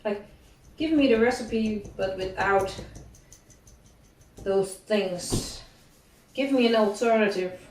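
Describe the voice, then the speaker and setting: A woman's voice: mid-range voice, slow, pauses often, a little mellow, a little hiss or hum. A young woman chatting casually as she bakes at home, rambling with self-deprecating asides and sounding slightly out of breath. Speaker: cooking vlogger. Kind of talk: casual chat while baking. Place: home kitchen. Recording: echoey kitchen, distant mic, clattering dishes.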